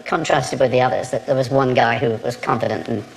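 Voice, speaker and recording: A man in an interview, explaining slowly and in a measured way. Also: medium pitch, fairly even intonation, gravelly, rough recording. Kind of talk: reflective interview.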